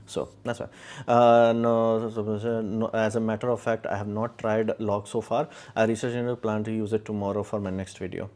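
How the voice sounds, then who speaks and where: A man's voice: lowish voice, level tone, moderate pace, darkish tone. A young man hosting a casual live stream, answering chat questions in a rambling, opinionated way with many fillers and restarts. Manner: opinionated, explains engineering in plain terms. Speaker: livestream host.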